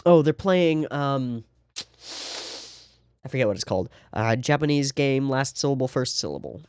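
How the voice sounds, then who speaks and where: A man's voice: medium pitch, animated, normal speed, clear, resonant tone, no room sound, studio quality. A man hosting an anime reaction, talking through the episode in a casual, sarcastic way with rambling asides.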